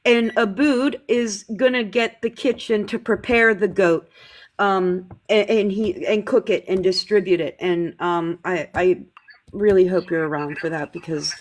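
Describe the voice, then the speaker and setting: A woman hosting a livestream, speaking earnestly and passionately with frequent halting restarts. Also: mid-range voice, fairly even intonation. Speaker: livestream host. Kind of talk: emotional livestream talk.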